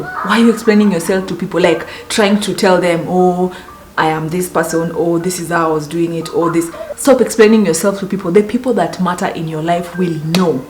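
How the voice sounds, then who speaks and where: A woman with a fairly low-pitched voice talks straight to the camera, giving motivational life advice. She is emphatic and repeats her phrases, with playful asides. Her voice sounds echoey in the room, with music playing clearly behind her. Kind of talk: casual motivational talk to camera.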